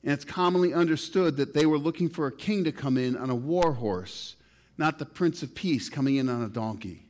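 A man's voice: animated, a little fast, a little mellow. A male pastor preaching a sermon, reading scripture aloud, with his voice rising and falling for emphasis. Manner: reads scripture aloud, rises and falls in pitch and volume for emphasis.

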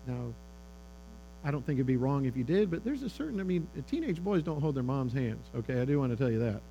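A man's voice: medium pitch, brisk, highs cut off. A middle-aged man giving a conversational talk to parents, telling stories and acting out the lines of the people in them. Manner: conversational, animated storytelling with quoted dialogue. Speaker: speaker on fatherhood. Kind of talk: sermon-style talk to parents. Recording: faint electrical hum.

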